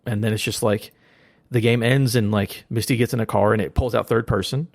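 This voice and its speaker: Fast-talking man with a gravelly voice. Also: on the low side, steady tone, no echo. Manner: rambling retelling of a game plot, quoting characters. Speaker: podcast guest. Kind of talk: casual podcast chat.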